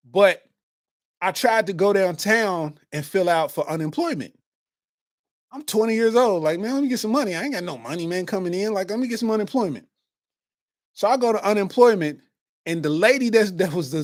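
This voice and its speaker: Animated comedian riffing on his podcast. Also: high voice, no room sound. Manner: animated storytelling with street slang. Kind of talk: casual podcast monologue.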